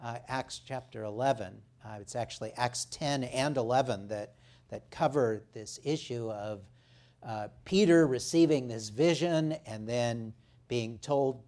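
A male pastor preaching in a church at a mid pitch. He fills his pauses with "uh" and pushes his voice louder to stress key points. When he reads scripture aloud, his voice lifts and grows emphatic. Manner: frequent "uh" fillers, rising loud for emphasis. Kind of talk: sermon with scripture reading and prayer.

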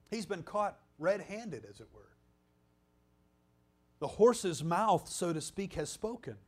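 High-voiced guy preaching, gets loud then drops to a hush, really emphatic. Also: sing-song, takes it slowly, pauses often, slightly rough. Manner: emphatic, swings from loud exclamations to hushed near-whispers. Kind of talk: sermon.

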